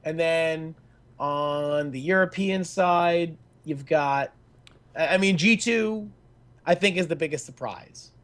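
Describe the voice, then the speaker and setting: A man's voice: a little high, slow, a bit bright. A man co-hosting a casual esports podcast, talking loosely with jokes and crude banter. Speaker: podcast co-host.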